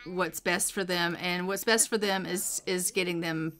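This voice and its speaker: A woman's voice: lowish voice, steady tone, unhurried, a bit bright. Woman voicing a weary, resentful mother. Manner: tired, upset.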